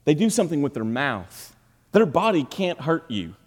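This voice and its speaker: A man preaching a sermon in a high, bright voice, swinging from forceful, emphatic peaks down to quiet, low asides. The sound carries a long reverb from a large church hall. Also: sing-song, moderate pace. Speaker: pastor. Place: church sanctuary.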